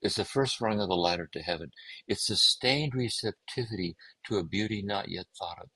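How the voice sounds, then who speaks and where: Low husky man teaching softly. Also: brisk, dry recording, rough recording. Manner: gentle, meditative, circling back and repeating phrases. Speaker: guest teacher on contemplative prayer. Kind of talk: reflective spiritual teaching.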